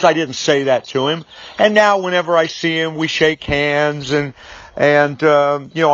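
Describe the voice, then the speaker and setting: A man's voice: on the high side, a bit bright, dry recording. Rambling man in a dull lo-fi recording. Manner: rambling, with many fillers and restarts; acts out both sides of a remembered argument. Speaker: business author and sales trainer. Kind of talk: unscripted monologue.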